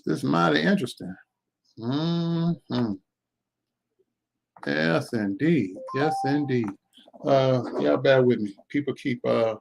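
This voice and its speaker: A man hosting a live commentary stream in a casual, animated way, with churchy exclamations and repeated phrases. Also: mid-range voice, gravelly, slightly rough.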